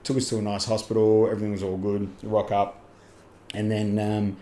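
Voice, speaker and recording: A man's voice: lowish voice, level tone, a little fast, dark tone. A man with an Australian accent, a podcast guest telling a story casually, laughing often and swearing in Aussie slang. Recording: echoey room with faint ambient noise.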